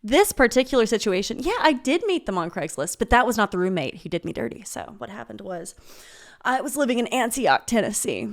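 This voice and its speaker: A woman in her twenties, a podcast guest, casually telling a story in an animated way, swearing freely and laughing as she goes. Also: fairly high pitch, fairly quick.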